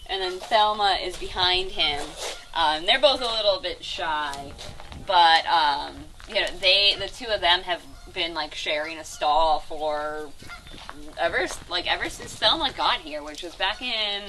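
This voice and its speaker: A woman's voice: fairly low pitch, pushed and bright. Chatty young woman giving a sanctuary tour. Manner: chatty, full of fillers like "um" and "like". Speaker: animal sanctuary tour guide. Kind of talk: casual chat on a live virtual tour. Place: outdoors on a farm sanctuary.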